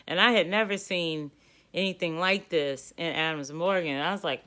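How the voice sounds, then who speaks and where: A woman from the Washington DC area telling a personal story in a casual, animated, exasperated way. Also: low-pitched, normal speed.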